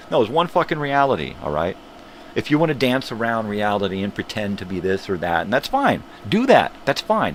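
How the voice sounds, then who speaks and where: A man's voice: lowish voice, slight background noise. An older man hosting his own morning show, ranting bluntly and profanely in a casual monologue. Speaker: host of a morning livestream show.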